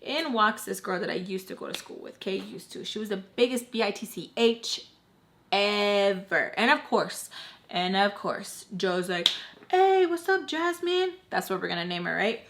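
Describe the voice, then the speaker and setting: A woman's voice: mid-range voice, normal speed, vocal fry, fairly bright tone, a little hiss or hum. A young woman telling a personal story to camera in a casual, chatty way, full of "like" and acted-out quotes. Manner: chatty, heavy on "like", acts out quoted voices. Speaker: storytime vlogger.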